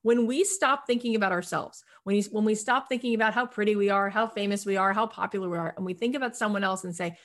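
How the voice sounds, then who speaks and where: Woman interview guest, emphatic, motivational, rhetorical questions, mid-pitched voice. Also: fast talker, hardly any pauses. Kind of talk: motivational conversation.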